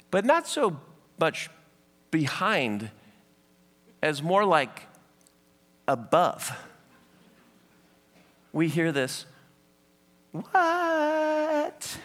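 Man preacher, animated storyteller, bright, echoey hall sound. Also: fairly high pitch. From Southern California. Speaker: pastor. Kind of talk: sermon.

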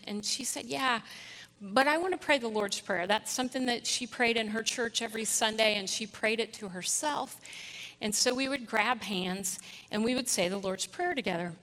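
A woman's voice: a little high, moderate pace, sharp tone. A woman giving a sermon, telling a personal story in an earnest way and leading her congregation in prayer. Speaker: preacher. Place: church hall. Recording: long hall reverb.

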